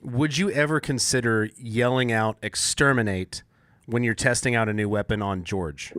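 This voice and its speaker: A male co-host banters wryly in a casual podcast chat. His voice sits at a middle pitch. The recording is dry and close. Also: normal speed, fairly bright tone, no echo.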